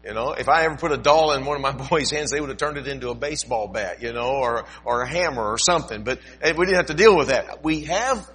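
A man's voice: medium pitch, quick pace, few pauses, fairly bright tone, husky, rough recording. An older man preaching a sermon, telling a story in a folksy way with asides and emphatic rises. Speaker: pastor.

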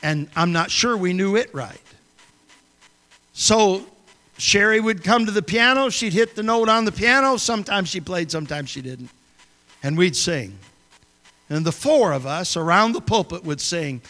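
A man's voice: a little high, animated, normal speed, sharp tone. A man preaching a sermon as a pastor, telling a story in a folksy, conversational way in a church sanctuary. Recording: long reverb of a church hall.

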